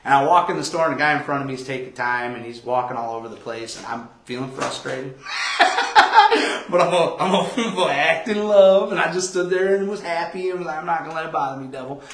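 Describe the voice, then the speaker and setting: A man pastor giving a conversational Bible study sermon, telling stories with animated quoted voices. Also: a little high, fast, few pauses, noisy background. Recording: echoey room.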